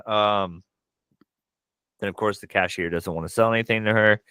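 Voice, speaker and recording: Deep-voiced man recapping a film, smooth and dry. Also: no room sound. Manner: animated retelling, quick bursts of quoted lines; frequent profanity. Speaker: podcast co-host. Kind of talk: casual movie recap chat.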